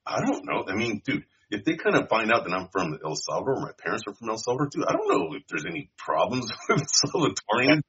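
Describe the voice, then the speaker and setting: Laid-back dude chatting on a podcast, low husky voice, bright tone, bit muffled. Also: male voice, sing-song, fast, few pauses. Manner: laid-back, says "dude" and "bro" a lot. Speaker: podcast co-host. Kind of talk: casual chat.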